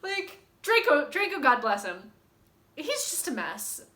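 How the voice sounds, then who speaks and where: Young woman book vlogger, gushing and rambly. Bright, slightly high voice in an echoey room. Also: sing-song, measured pace. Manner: gushing, rambling, with many likes and ums. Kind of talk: casual book chat reading passages aloud.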